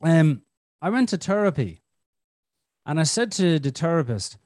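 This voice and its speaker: An Irish man hosting a podcast, telling a personal story in a flamboyant, expressive way. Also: a little high, moderate pace, no echo, clean studio sound. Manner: flamboyant, expressive storyteller who swears freely. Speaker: podcast host. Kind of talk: casual storytelling chat.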